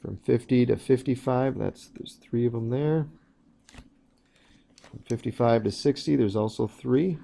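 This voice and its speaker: In a medium-pitched, gravelly voice with a dark tone, a man speaks a little slowly as he explains a recorded math lesson. He goes through it step by step in a plain way, using some fillers.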